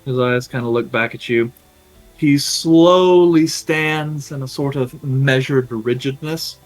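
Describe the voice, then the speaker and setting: A man narrating a tabletop game as game master, in an unhurried way full of small fillers. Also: mid-range voice, soft background music, low-quality recording.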